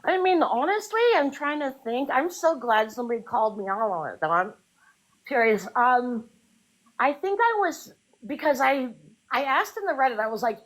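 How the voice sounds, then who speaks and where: A woman's voice: sits high, animated, normal speed, fairly bright tone, low-quality recording. A woman in a casual live group chat, talking in a flustered, apologetic way with many restarts. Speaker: live stream guest.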